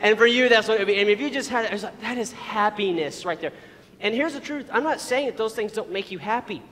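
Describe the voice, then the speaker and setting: High-voiced joking male pastor, reverberant hall. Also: fast, fairly bright tone, a little hiss or hum. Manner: casual, joking preaching with asides. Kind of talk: sermon.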